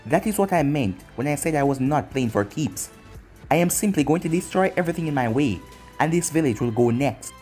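A man's voice: on the high side, expressive, fairly quick, darkish tone, faint music behind, lightly acted. A man voicing a cruel, smug young male ninja who taunts his former friends with mocking chuckles.

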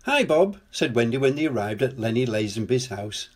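An older man reading a children's storybook aloud in a gentle, lively storytelling manner. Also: mid-range voice, brisk.

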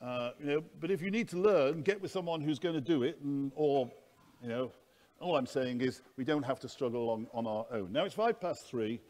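A man's voice: medium pitch, lively intonation, fairly quick, darkish tone. Earnest preacher man in a reverberant hall. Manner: anecdotal, earnest storytelling. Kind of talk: conference teaching talk.

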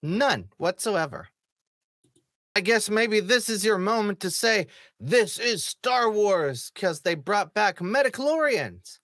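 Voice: mid-range voice, very animated, measured pace, a bit bright, dry recording, clean studio sound. Sarcastic reviewer mocking a TV episode. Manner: swears casually. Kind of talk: casual review commentary.

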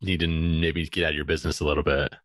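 A man co-hosting a dental hygiene podcast, quick and teasing in casual banter. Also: rumbling low, little pitch movement, fairly bright tone, no echo, studio quality. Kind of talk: casual chat.

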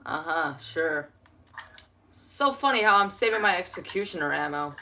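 A woman bantering with a friend while playing a video game, teasing and swearing, laughing often and now and then shouting. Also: fairly low pitch, expressive, normal speed. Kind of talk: casual gaming banter.

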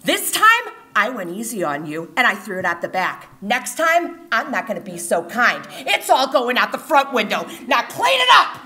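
A woman voicing an enraged mother who shouts and scolds her children about their messy rooms. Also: big pitch swings, moderate pace, few pauses. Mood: sarcastic stern. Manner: shrill, shouting, sarcastic.

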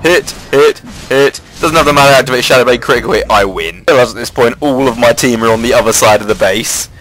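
A fast-talking man reacts to a replay of his own online match, casual and hyped, cursing openly as his pitch shoots up at the highlights. The audio is poor.

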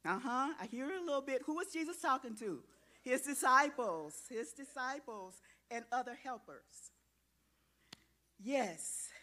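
A woman with a fairly high voice leads a children's sermon in a church. She talks in an animated, coaxing way, drawing the children and grown-ups into the lesson. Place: church sanctuary.

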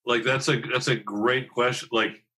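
Bright-voiced, wry male podcast guest. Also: medium pitch, steady tone, measured pace, breathy edge. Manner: wry, self-deprecating joker. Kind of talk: casual chat.

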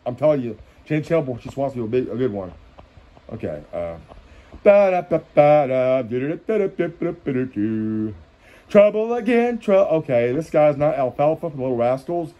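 A man's voice: medium pitch, expressive, a little fast, dull audio. A man joking his way through kids' cartoons, switching channels, humming theme tunes and breaking into bits of song. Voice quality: playful, jokey, breaks into sung bits and theme hums. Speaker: cartoon commentator. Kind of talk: joking channel-surfing commentary with snatches of song.

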